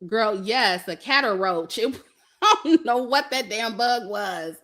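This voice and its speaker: A woman's voice: on the high side, animated, slow pace, a bit bright. A young woman telling a story to her viewers in casual, profane chat, laughing often and acting out her family's lines. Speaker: vlogger.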